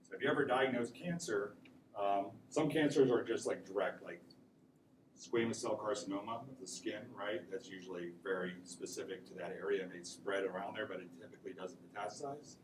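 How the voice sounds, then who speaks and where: A man's voice: on the low side, a little fast. A man giving a casual classroom lecture, often checking in with "right?" as he tells stories. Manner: casual, conversational, peppered with "right?". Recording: echoey room mic from far off, noisy.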